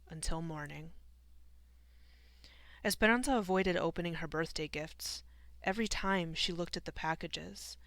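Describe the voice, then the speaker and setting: A woman narrating an audiobook in a measured, sombre storytelling manner. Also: lowish voice, a bit bright, dry recording. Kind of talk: scripted narration.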